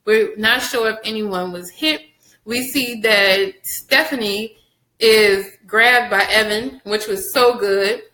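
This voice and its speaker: A woman recapping a TV episode for her viewers, chatty and animated, addressing them directly and laughing often. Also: medium pitch, slow, echoey room, poor audio. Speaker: TV show reviewer.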